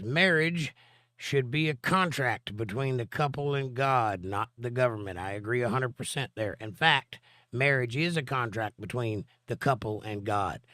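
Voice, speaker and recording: Here a hoarse man with laryngitis chats casually on a live stream, voicing viewer comments and replying with extended Bible explanations. His medium-pitched voice is a bit bright, captured in studio quality with no room sound.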